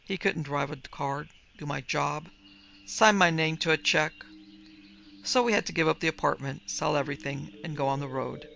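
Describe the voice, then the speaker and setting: A woman narrating a first-person dark fantasy story with vivid, dramatic delivery. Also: low voice, normal speed, gravelly, highs cut off, slight background noise. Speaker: narrator and producer.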